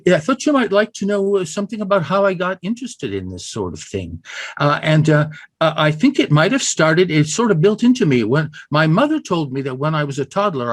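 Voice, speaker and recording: A man giving an informal poetry lecture over a video call, halting, with many fillers and restarts and playful demonstrations. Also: on the high side.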